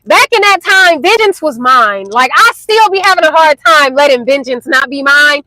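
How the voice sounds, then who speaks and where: Young woman vlogger, bright high voice, close and dry, casual animated storytime delivery. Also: normal speed, no room sound, poor audio. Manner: animated, chatty, addresses viewers as y'all.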